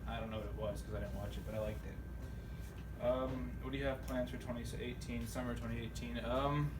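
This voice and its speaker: A teenage boy talks through a school video diary, hesitant and mumbling and padding his answers with ums. His voice sits at an ordinary pitch for a young man. The recording carries a steady noisy hiss behind him. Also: fairly quick. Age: teens. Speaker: high school student. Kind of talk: self-interview video diary.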